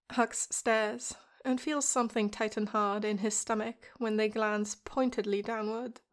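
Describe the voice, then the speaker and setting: A woman calmly reading a story aloud in a measured way. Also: mid-range voice. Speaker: podfic reader. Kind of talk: storybook narration.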